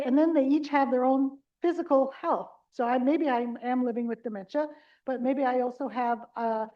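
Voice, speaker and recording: A middle-aged woman with a high, bright-sounding pitch leads a caregiver workshop before a live audience. She talks in a chatty, animated way and acts out quick scenes. The recording is dull and lo-fi. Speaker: dementia care trainer. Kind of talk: live conference workshop talk.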